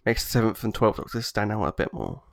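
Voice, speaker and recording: A man with a lowish voice chatting casually on a podcast. He rambles enthusiastically, restarting his sentences as he goes, and the recording sounds dry and close. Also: huge pitch swings, quick pace, vocal fry, no room sound. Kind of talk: casual chat.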